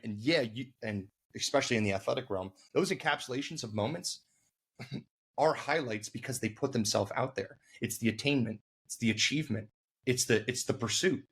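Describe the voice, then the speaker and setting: Husky-voiced male podcast host. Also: mid-range voice, brisk, fairly bright tone. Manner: emphatic, motivational, loosely profane. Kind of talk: casual interview talk.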